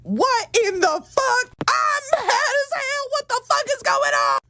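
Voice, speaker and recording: A woman ranting while crying, shouting and swearing in a self-recorded video. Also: very high voice, animated, slight background noise. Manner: shouting, profane, drawn-out. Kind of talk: tearful video rant.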